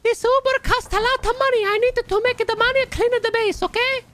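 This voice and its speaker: Nonna Maria, shrill old Italian grandma. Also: male voice, steady tone, a little fast, bright, forceful tone. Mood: indignant. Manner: broken English, pleading. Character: little old Italian grandma cleaner, pushy. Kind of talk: in-game voice chat role-play.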